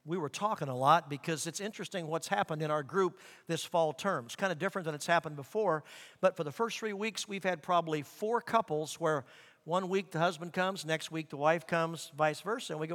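A middle-aged man preaching a sermon as pastor, animated, acting out quoted voices. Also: on the high side, brisk. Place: large church sanctuary. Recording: long reverb of a large hall.

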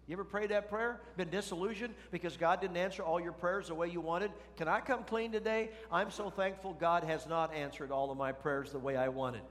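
A middle-aged pastor delivers a sermon in a slightly high, fairly bright voice, talking conversationally and putting questions to the congregation. The recording carries a long hall reverb.

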